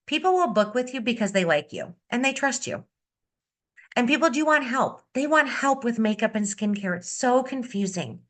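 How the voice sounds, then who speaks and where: A woman beauty consultant giving an upbeat, energetic sales-training talk on a video call, repeating her key advice. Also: fairly high pitch, moderate pace. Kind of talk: coaching talk on a video meeting.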